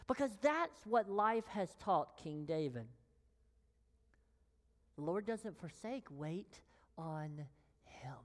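A woman pastor preaching a sermon with emphatic pauses, sinking to a whisper on key words. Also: medium pitch, big pitch swings, big-room sound. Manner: slow, emphatic delivery with long pauses, dropping to a whisper on key phrases.

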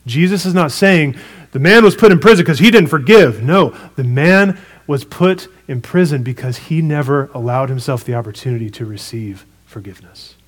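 A man preaching a sermon, retelling a parable in a conversational, animated way with casual asides. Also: fairly high pitch, normal speed. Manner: storytelling, animated retelling with acted quotes.

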